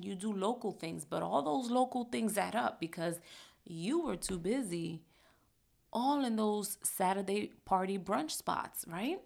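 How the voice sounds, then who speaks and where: Chatty woman a gravelly edge. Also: mid-range voice. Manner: chatty, self-mocking, laughs often, tag "right?" questions; acts out inner voices in quick asides and whispers. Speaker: podcast host. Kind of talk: casual monologue.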